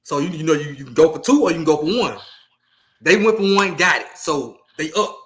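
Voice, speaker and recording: A man, a podcast co-host and youth football coach, telling a story in animated, casual talk with lots of repeated words. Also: fairly high pitch, fairly quick.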